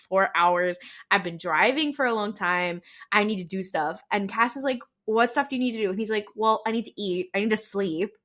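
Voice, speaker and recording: A young woman co-hosting a podcast, casually retelling TV scenes and acting out the characters' lines. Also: medium pitch. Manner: animated retelling with quoted voices and laughter. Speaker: podcast co-host. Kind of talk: casual recap chat.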